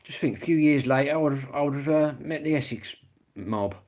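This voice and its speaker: A man's voice: fairly high pitch, fairly quick, a little mellow. A man hosts a casual live stream and chats straight to his viewers. He rambles from one story to the next, swearing freely in a blokey, matter-of-fact way.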